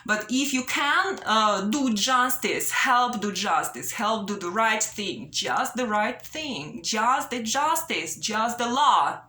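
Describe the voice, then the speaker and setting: A woman pleads slowly and earnestly to her viewers, repeating her points and checking in with "yeah?". Her voice sits a little high and sounds bright and sharp. The room around her is echoey. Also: lively intonation. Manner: slow, repetitive, pleading, ends phrases with "yeah?". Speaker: vlogger. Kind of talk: earnest direct-to-camera appeal. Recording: roomy echo.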